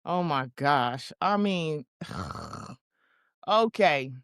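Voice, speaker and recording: A woman's voice: low voice, big pitch swings, drawn-out words, a bit bright, clean tone, no echo. Slangy, mocking woman with dry close sound. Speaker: commentary show host. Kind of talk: casual commentary on news clips.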